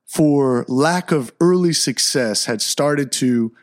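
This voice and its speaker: A man telling a personal story in a casual, animated way, dropping into low asides and rising into excited bursts. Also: slow.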